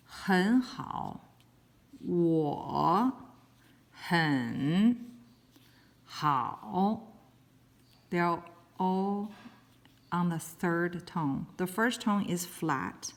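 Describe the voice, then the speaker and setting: A woman teaches handwriting, talking slowly and carefully as she writes each stroke. Her voice sits a little low and stays calm and even. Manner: calm, slow, careful explanation while writing. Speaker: Chinese writing teacher. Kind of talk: step-by-step handwriting lesson.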